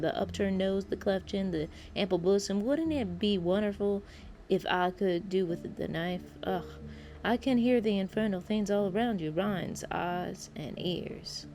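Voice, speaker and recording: A woman's voice: mid-range voice, darkish tone, slight background noise, natural voice. A woman doing a southern obsessive surgeon. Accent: Southern US put on. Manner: hurried, stumbling reading. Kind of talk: reading in-game audio logs aloud.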